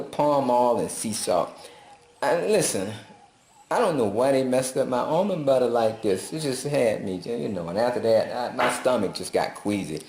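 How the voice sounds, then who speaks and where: A man talking in a folksy, preachy, casual vlog style, telling animated stories. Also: mid-range voice. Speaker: vlogger. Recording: roomy echo.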